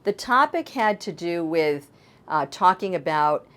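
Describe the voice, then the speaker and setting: Low-voiced woman life coach explaining. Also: lively intonation, a little slow, a bit bright. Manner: earnest, explaining with examples. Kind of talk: advice talk.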